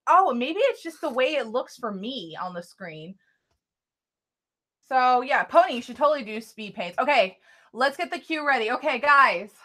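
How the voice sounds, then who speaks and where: A woman's voice: high-pitched, bright, forceful tone. A woman chatting casually on a live stream, reading out viewer names, thanking viewers and apologizing a lot. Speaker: live-stream tarot reader.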